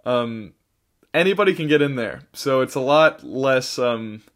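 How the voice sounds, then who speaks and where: A man's voice: medium pitch, expressive, a little slow, a bit bright. Tired guy rambling thru a story, lots of um and like, podcast chat. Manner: rambling, full of fillers and restarts. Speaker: podcast co-host.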